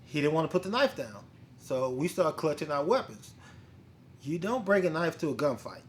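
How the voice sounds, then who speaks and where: Male host with a fairly high voice, a casual, profane storyteller who quotes the people in his story. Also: normal speed, slight background noise. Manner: blunt, profane, animated retelling with quoted dialogue. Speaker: bounty hunter and podcast host.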